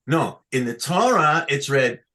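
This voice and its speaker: A man teaching Torah chanting on a video call, halting with fillers and restarts, chuckling at his own jokes. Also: medium pitch, lively intonation, bright, forceful tone. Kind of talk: online lesson with sung examples.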